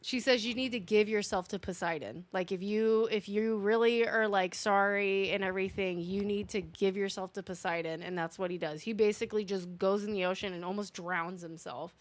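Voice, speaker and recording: A woman's voice: mid-range voice, steady tone, moderate pace, few pauses, no room sound. A young woman casually retelling a movie plot, swearing and agreeing often. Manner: chatty, swears, says yeah a lot.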